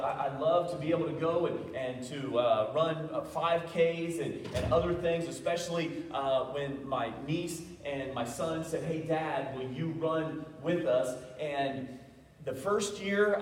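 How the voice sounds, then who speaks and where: A man preaching a sermon, telling stories with self-deprecating humor and often stumbling over his words. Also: on the high side. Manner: frequent stammered restarts. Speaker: pastor. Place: church hall. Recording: echoey hall, voice from far off.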